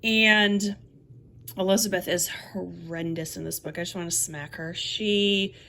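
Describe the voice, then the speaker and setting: A woman's voice: lowish voice, steady tone, a little slow, creaky, sharp tone, a little hiss or hum. A woman giving a casual book review, wry and sarcastic, laughing now and then as she talks.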